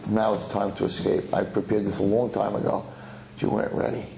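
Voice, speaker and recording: A man's voice: fairly low pitch, flat delivery, a little fast, creaky, warm tone, a little hiss or hum. A man telling a parable, voicing a mysterious old man who watches over a lost prince, in an echoey hall. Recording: echoey hall, faint ambience.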